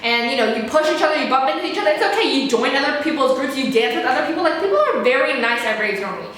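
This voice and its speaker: A young woman in an unedited storytime vlog, talking fast and frantically, swearing and exasperated, a little out of breath. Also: sits high, animated, a bit bright, heavy reverb, slight background noise. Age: young adult. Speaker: vlogger.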